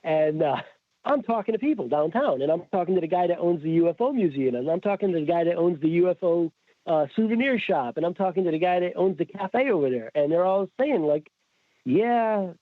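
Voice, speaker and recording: A high-pitched man, a podcast guest, tells a story in a casual chat and animatedly acts out quoted dialogue. The recording is dry and comes across as a tinny, phone-like remote call.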